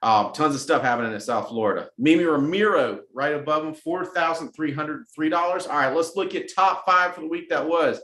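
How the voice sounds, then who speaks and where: A middle-aged man hosts a weekly team message with an energetic, hyped-up delivery, hammering points home by repeating them. His voice sits a bit high for a man, and the sound bounces around an echoey room. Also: a little fast, hardly any pauses. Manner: energetic, repeats phrases for emphasis. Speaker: sales team leader hosting a weekly message. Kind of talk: motivational team address.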